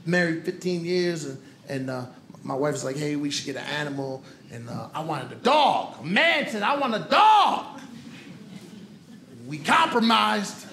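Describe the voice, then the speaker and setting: A man with a Brooklyn accent works a comedy club crowd in a fairly high voice, punchy and playful, tossing asides to the audience. The stage sound is roomy, with clear room noise under it. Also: big pitch swings, moderate pace, few pauses, sharp tone. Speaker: stand-up comedian. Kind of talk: stand-up comedy set.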